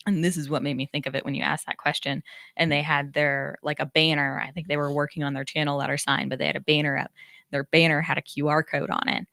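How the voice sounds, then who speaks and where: A woman, a marketing business owner, chatting as a radio guest, animated and often laughing. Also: low-pitched, fast talker, vocal fry, dry recording, clean studio sound. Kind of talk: casual interview chat. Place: radio studio.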